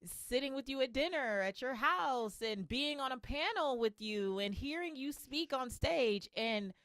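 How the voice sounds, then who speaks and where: A woman hosting a podcast, her slightly high voice recorded dry and close with no room sound. She speaks effusively, encouraging her guest. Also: animated, measured pace, a bit bright, dry recording. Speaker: podcast host. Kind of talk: interview conversation.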